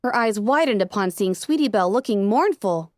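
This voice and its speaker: A woman narrating a fan fiction story with an expressive reading. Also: mid-range voice, brisk, no room sound, clean studio sound. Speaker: audiobook reader.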